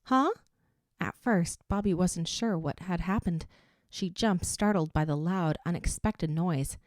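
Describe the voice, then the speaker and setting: A woman's voice: lowish voice, a little slow, darkish tone, no room sound, clean studio sound. Woman reading an audiobook aloud. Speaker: audiobook reader. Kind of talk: audiobook narration.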